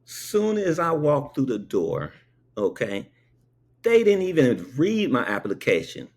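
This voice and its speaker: Gravelly man telling a personal story. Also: medium pitch, huge pitch swings, unhurried, a little mellow. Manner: conversational, checks in with "okay?".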